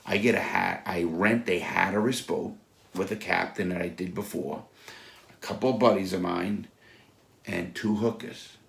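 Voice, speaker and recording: A man telling blunt, profane stories from his own past in a casual, animated way. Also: deep voice, normal speed, creaky. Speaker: storyteller recounting his past. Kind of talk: casual spoken anecdote. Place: Florida.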